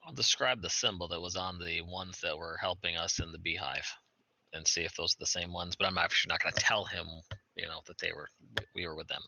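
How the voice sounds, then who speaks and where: Gravelly, deep male player. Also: a little fast, bright, forceful tone, rough recording. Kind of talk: casual tabletop play.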